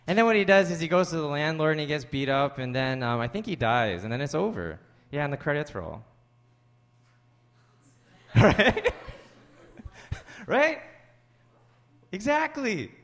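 A man's voice: a little high, normal speed, pauses often, big-room sound. A man preaching a sermon as pastor, conversational, mixing scripture with jokey asides to the congregation. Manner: conversational, jokey asides, rising animated when joking. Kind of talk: sermon with storytelling.

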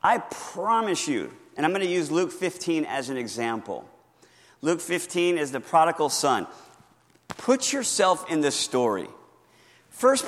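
A man teaching how to read the Bible devotionally, earnest and encouraging, often slowing down to stress key words. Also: fairly high pitch, a bit bright, long reverb tail. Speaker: pastor teaching Bible reading. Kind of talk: teaching talk from a handout.

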